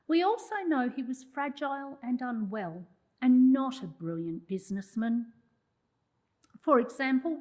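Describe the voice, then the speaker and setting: In a fairly high voice captured on a low-quality recording, a female journalism historian delivers a prepared public lecture as an oration. She adds wry asides for the audience.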